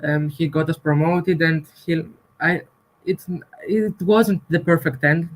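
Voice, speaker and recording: A man's voice: on the high side, a little slow, rough recording. A man from Greece, calling in to a fan show, speaking hesitantly and searching for words over an online call. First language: Greek. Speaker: caller. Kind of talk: call-in chat. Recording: online call with connection dropouts.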